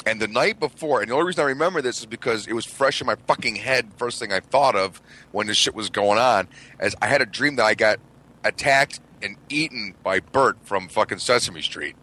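A man in his forties with a Midwestern American accent, telling a profane, animated story to friends and laughing as he goes. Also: on the low side, brisk. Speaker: podcast co-host telling stories. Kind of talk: casual storytelling among friends.

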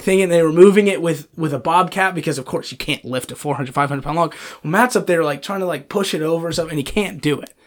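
A young man with a fairly high voice tells work stories in a relaxed podcast chat. He is animated and rambling, and his sentences are full of fillers. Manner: animated storyteller, many fillers like "like" and "um". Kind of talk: casual storytelling chat.

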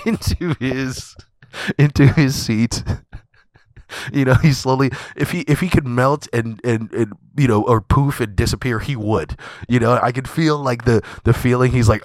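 A man's voice: medium pitch, measured pace, dry recording. A man hosting a podcast, telling a comedic story in a loose, profane, laughing way. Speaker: podcast host.

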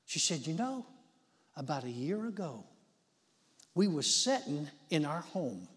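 A preacher with a high, ringing voice tells his story in a folksy, chatty way. He swells into dramatic rises and keeps dropping in "you know". His voice carries a long echo, as if it fills a big hall. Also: sing-song, unhurried, a bit bright. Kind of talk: storytelling sermon.

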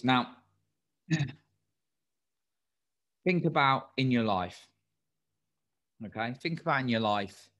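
A man's voice: medium pitch, fairly bright tone. A man coaching listeners in a motivational solo talk, tired, encouraging and asking many direct questions. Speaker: coach and podcast host.

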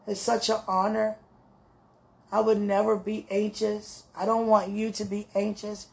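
A woman, talking warmly and laughing as she gushes to her fiancé in a casual, heartfelt message. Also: medium pitch, flat delivery, a little slow, creaky. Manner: affectionate, laughing, gushing, religious.

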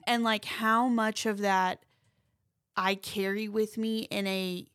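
A woman's voice: medium pitch, steady tone, slow, a bit bright, clean tone, no room sound. Reflective young woman, dry close sound. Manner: reflective, with many fillers like "like". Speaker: podcast co-host. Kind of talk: casual faith chat.

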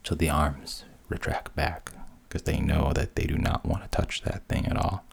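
A man retelling a fairy tale as a hushed, breathy whispered role-play. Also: rumbling low, fairly even intonation, moderate pace. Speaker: storyteller.

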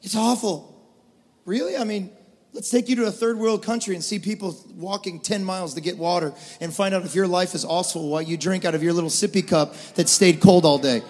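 High-voiced pastor preaching in a hall. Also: male voice, a little fast. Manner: animated, swings from loud preaching to quiet storytelling. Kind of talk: sermon. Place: large church hall. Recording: reverberant church hall with soft music.

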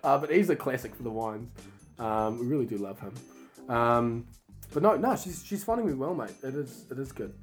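Kiwi man, mid-pitched, a few wines in, matey podcast banter. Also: expressive, moderate pace, soft background music. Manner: laddish banter, says mate a lot. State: tipsy from wine. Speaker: podcast co-host. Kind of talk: casual chat.

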